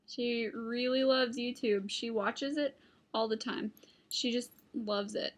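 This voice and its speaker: A young woman with a somewhat high voice rambles through a casual vlog into her computer webcam at home. She drifts from topic to topic in a chatty way and stops to talk to her dog. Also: fairly even intonation, slow pace. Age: young adult. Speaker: vlogger. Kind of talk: casual chat to camera. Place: at home, indoors.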